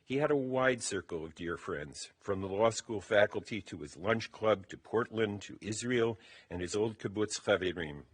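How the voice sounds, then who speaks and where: This is a eulogy at a funeral service, spoken by a man whose voice is deep and a little husky. He reads from a text, keeping his delivery measured, even, and deliberate.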